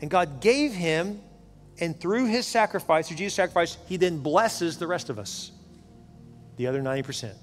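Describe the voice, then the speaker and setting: Fervent preacher in an echoing hall. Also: male voice, a little high, lively intonation, moderate pace, faint music behind. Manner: fervent, repeats words for emphasis. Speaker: pastor. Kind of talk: sermon. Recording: long hall reverb.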